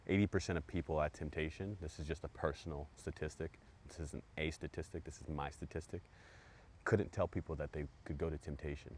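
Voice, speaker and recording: Very deep-voiced man telling a wild story. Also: steady tone, fairly quick, slight background noise. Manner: profane, hyped storytelling with repetitions. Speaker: podcast host. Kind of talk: storytelling monologue.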